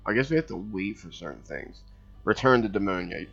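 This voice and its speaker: A man's voice: lowish voice, expressive, fairly quick, creaky, a bit bright, husky, highs cut off. A man casually commenting on a strategy game as he plays, thinking aloud and reading game text, with hiccups now and then. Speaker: gameplay commentator. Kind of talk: casual let's-play commentary.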